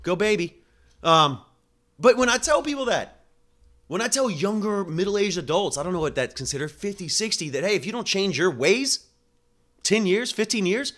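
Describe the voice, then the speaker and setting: A man's voice: high-pitched, animated, normal speed, fairly bright tone. A young man, a home care nurse, delivering a blunt, profane podcast monologue with emphatic swearing.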